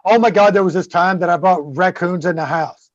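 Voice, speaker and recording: A brash Southern man who swears constantly as he tells his stories, his voice pitched fairly high for a man. The audio comes through a little dull and lo-fi, as if over a remote call mic, and it sounds dry and close with no room echo. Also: a little fast. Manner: profane, boisterous storyteller. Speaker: guest on a web show. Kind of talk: casual live-stream chat.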